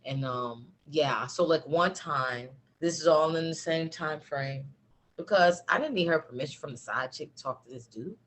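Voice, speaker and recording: Low husky woman chatting, laughs a lot, tells a story all animated. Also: moderate pace. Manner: animated, laughing, lots of fillers. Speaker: guest. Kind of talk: casual storytelling chat.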